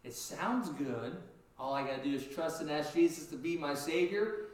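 A man preaching a sermon in a lively, animated way, jumping up in pitch as he acts out what people said. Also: moderate pace. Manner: animated, acts out quotes with sudden high pitch jumps. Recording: echoey room, distant from mic.

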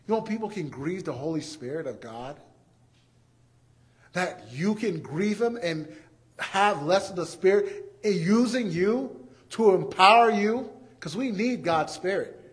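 A man preaching a sermon, acting out everyday scenes and repeating key phrases for emphasis. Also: sits high. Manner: animated, acts out everyday scenes.

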